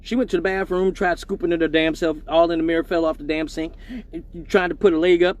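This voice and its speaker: A man hosting a live stream, telling a profane story full of laughter and animated asides in casual talk. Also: fairly high pitch, quick pace.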